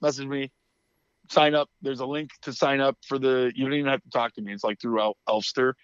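A man's voice: mid-range voice, level tone, a little fast, smooth, no room sound, highs cut off. A man co-hosting a podcast, chatting casually and telling a story, acting out the quotes and laughing often. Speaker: podcast co-host. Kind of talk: casual chat.

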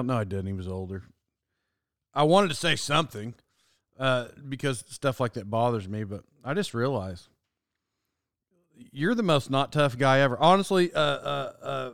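A man's voice: medium pitch, unhurried, gravelly, pauses often, smooth, no echo, clean studio sound. A man hosting a podcast, telling a casual story and acting out the voices of people in it. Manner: animated, acts out quoted dialogue. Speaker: podcast host.

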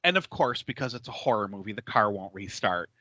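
A lowish-voiced man speaks briskly as he hosts a casual podcast, recapping a horror film with lots of laughter and free swearing. The recording is muffled but has no echo.

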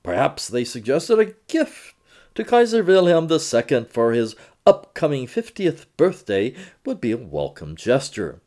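A man reporting and narrating his own magazine feature in a measured, expressive storytelling manner. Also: medium pitch.

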